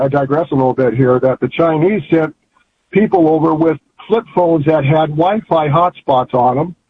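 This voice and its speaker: Brief: older male caller, rambling and folksy, husky and on a phone line. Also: fairly high pitch. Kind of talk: call-in radio chat.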